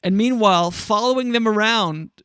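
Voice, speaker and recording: Speaking at normal speed in a high, smooth voice, a male host spins an energetic story during casual solo talk. He acts out the people involved, voicing their quotes. The audio is dry and studio quality.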